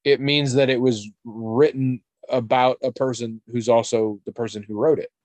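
A man hosting a casual podcast chat, his voice sitting at an ordinary middle pitch. He teases and mocks with a sardonic edge and drops the odd curse. The recording is dry, with no room sound. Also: fairly even intonation, normal speed, a little mellow, dry recording. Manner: sardonic, teasing, swears casually. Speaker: podcast co-host.

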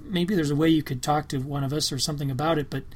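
A man's voice: a little high, fairly even intonation, fast talker, a little mellow. A man co-hosting a podcast in casual chat, earnest and hesitant, often restarting his sentences. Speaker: podcast co-host.

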